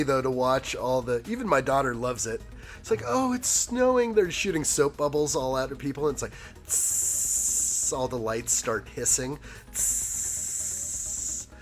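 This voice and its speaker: Hoarse man chatting on a live stream. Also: medium pitch. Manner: chatty and joking, reads viewer comments aloud. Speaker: live stream host building a toy set. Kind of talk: casual live stream chat.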